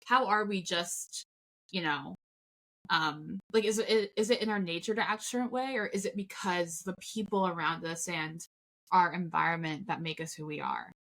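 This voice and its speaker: A woman's voice: on the low side, moderate pace, fairly bright tone. A woman co-hosting a film review podcast in casual chat, laughing often and acting out lines from the film. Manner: chatty, laughs often, acts out quotes. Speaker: podcast co-host.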